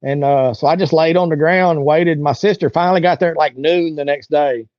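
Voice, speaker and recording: A man with a fairly high speaking voice tells his story as an interview guest. He rambles and jumps into the voices of the people he met. The sound is dull and lo-fi, with a dry, close feel. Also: steady tone, a little fast, dry recording. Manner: rambling, acts out other people's lines in raised voices.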